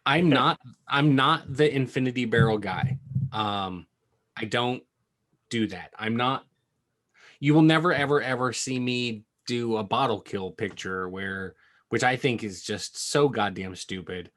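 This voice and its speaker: Man, podcast co-host, casual chat, blunt, opinionated, mid-pitched voice. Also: a little slow, a bit bright. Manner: opinionated, blunt, swears freely.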